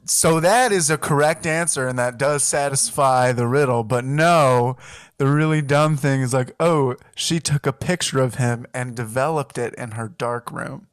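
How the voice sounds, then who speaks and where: A man chats as a podcast guest, riffing with deadpan jokes. His voice sits at a middle pitch. The recording is dry and close. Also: measured pace, no room sound. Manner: jokey riffing, deadpan asides. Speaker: podcast guest, comedy writer. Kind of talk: casual comedic chat.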